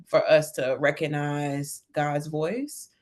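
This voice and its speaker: A woman's voice: sits low, fairly even intonation, slow, a little mellow. A woman hosting a podcast, framing a question in an encouraging, faith-centered way. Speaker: podcast host. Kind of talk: interview question.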